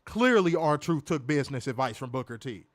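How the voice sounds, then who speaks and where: Here a wrestling podcast co-host talks at a moderate pace in a mid-range male voice. His casual rant is full of swearing, mimicked voices, and loud laughs, delivered with lots of animation.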